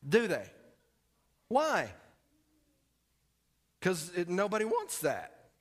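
A pastor delivering a sermon in a casual, joking way, often dropping his voice low and soft to press a point home. His voice sits slightly higher than most men's. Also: huge pitch swings, very slow. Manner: conversational and joking, drops to quiet emphasis.

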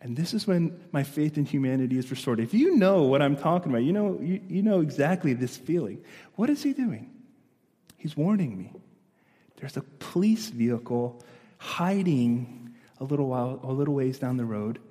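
A male pastor preaching a sermon, animated and storytelling, asking his listeners questions, in a church hall. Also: medium pitch, normal speed. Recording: long echo of a large hall.

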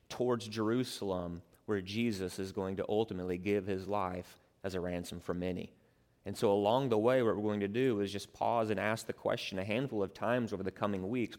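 A male pastor preaching a sermon, moving from a quiet prayer to emphatic, rising preaching. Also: fairly low pitch. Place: church. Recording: long reverb of a large hall.

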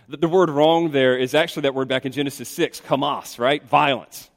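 A male pastor preaching a sermon, emphatic and animated, swinging between loud insistent stretches and hushed asides. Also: medium pitch, brisk. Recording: reverberant hall.

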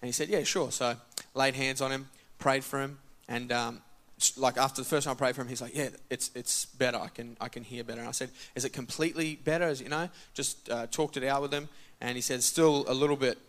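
In a medium-pitched voice and at a fast pace, a churchgoing man casually recounts his testimony. He's animated throughout and plays out each line of dialogue.

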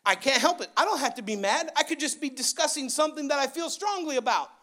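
High-pitched guy preaching in church, gets loud and worked up, voice keeps climbing into yelling. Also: expressive, fast. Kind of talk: sermon. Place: church sanctuary.

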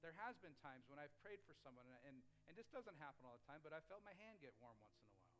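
A man's voice: fairly high pitch, sing-song, fast, fairly bright tone, slight background noise, poor audio. A man preaching a sermon as a pastor, telling stories in a conversational way with frequent restarts.

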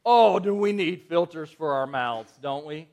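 A man's voice: fairly high pitch, lively intonation, measured pace, creaky, a little mellow. A man in his thirties preaching a conversational sermon, asking the congregation questions and telling stories about his family. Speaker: pastor.

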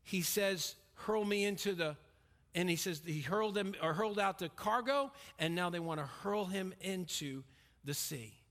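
A man with a high-pitched voice preaches a verse-by-verse sermon, pressing his points hard and then dropping to a hush. His voice rings with the long reverb of a large hall. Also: lively intonation, moderate pace. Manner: emphatic, swings between raised and hushed delivery. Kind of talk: expository sermon on scripture.

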